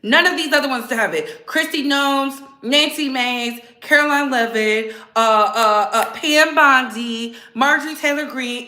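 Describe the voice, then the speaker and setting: A woman with a high, bright voice delivers political commentary straight to camera. She is blunt, fiery and profane, pushing her viewers to act. The sound is echoey, as if recorded in a bare room. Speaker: host.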